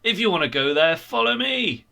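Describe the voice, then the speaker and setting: Storybook figure: a smug, overconfident guide, voiced by a man, bright and raised. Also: sits high, very animated, moderate pace, vocal fry, pitched above the performer's own voice, full character voice. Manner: breezy, self-assured.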